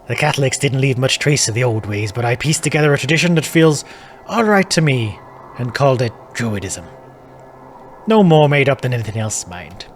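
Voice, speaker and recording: A man's voice: medium pitch, expressive, moderate pace, slight background noise, natural voice. An actor playing a plainspoken male druid in a video game, wry and matter-of-fact. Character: plainspoken middle-aged male Irish druid hotel guest.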